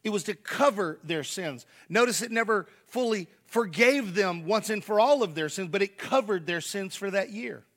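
A man's voice: sits high, lively intonation, moderate pace, hardly any pauses, fairly bright tone. A man preaching a sermon, emphatic, repeating key words and speaking straight to the congregation. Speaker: pastor.

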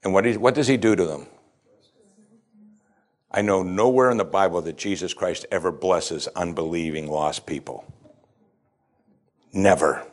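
A man's voice: low-pitched, unhurried, long pauses. A pastor preaching a sermon, reading scripture aloud and then explaining it in a conversational way, pushing his voice up to stress key points. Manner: emphatic, often rising to stress a point.

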